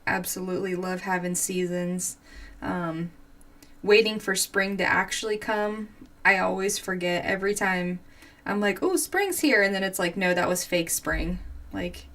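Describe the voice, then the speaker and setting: A woman's voice: on the low side, flat delivery, moderate pace, a bit bright. A woman in her forties hosting a crafting livestream, chatting casually and giggling as she answers viewers' comments while she works. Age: 40s.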